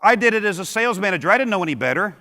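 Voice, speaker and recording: A man's voice: high-pitched, very animated, racing, pushed and bright. A middle-aged man giving a punchy, joking motivational keynote speech, firing rhetorical questions at a conference audience. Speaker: keynote speaker. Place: large conference hall with audience. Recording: long hall reverb.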